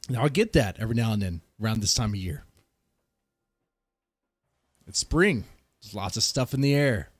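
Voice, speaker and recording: In his home garage studio, a vlog host delivers a rambling, joking storytime rant through a stuffy nose, sighing, coughing and breathing short. He speaks expressively in a fairly low voice at a moderate pace, and the recording has no echo.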